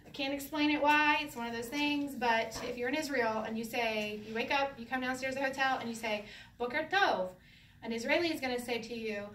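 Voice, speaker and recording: A woman's voice: a little high, fairly even intonation, quick pace, hardly any pauses, a bit bright. Woman, casual teacher, playful, laughs a lot, sing-song at times, distant mic, echoey room. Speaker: Hebrew teacher. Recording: roomy, from a distance, faint background noise.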